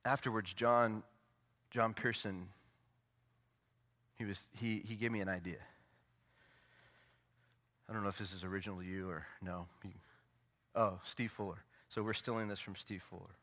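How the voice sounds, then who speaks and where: A man preaching a sermon as pastor, swinging from loud, emphatic peaks to low, intimate asides. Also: steady tone, moderate pace, pauses often. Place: church sanctuary.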